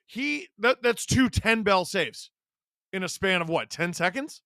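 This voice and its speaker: A man hosting a live watch-along, calling the game play-by-play in an excited way and breaking into shouts on big plays. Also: sits high, measured pace, vocal fry, dry recording, clean studio sound.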